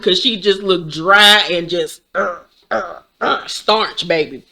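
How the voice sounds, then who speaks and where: A woman in her forties, tired and yawning, recapping a reality show in casual, animated talk full of swearing and laughter. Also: on the low side, slow pace, vocal fry. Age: 40s.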